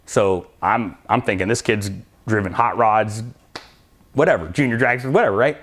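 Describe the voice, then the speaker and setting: A man's voice: fairly low pitch, normal speed, fairly bright tone. A middle-aged man casually telling a drag racing story, acting out both sides of the dialogue as he goes. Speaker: drag racing school owner and crew chief.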